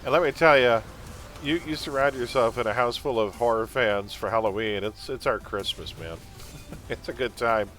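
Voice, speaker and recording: A man's voice: medium pitch, normal speed, a bit bright, soft background music. A man chatting casually on a live game stream, rambling and opinionated, often calling his viewers folks. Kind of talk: casual gaming stream chat.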